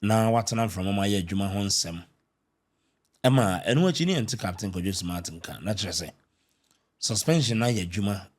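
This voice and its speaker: Male host opening a reaction show. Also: lowish voice.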